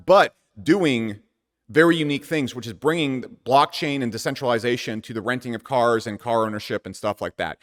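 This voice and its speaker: Man host, rapid casual commentary, brash and profane, long reverb tail on the voice. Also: medium pitch. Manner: brash and profane, with sudden loud bursts. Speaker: crypto channel host.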